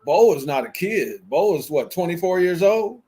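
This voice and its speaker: A man's voice: high-pitched, very animated, normal speed, warm tone. A man co-hosting a sports talk show, arguing football picks in an emphatic, conversational way. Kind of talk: casual sports debate.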